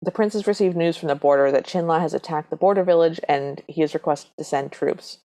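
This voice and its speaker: A woman's voice: sits low, a little fast, warm tone. A woman co-hosting a podcast, recapping a movie's plot from her notes with dry, wry asides. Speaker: podcast co-host. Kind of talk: casual chat retelling a movie plot.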